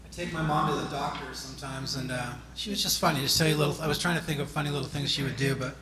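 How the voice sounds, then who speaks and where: A man speaking as pastor in a church, sharing memories softly and reflectively, with many fillers. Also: on the high side, steady tone, rapid-fire, a crowd in the background. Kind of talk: eulogy-style sharing from the pulpit. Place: church sanctuary. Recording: live church stream with music behind. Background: guitar playing.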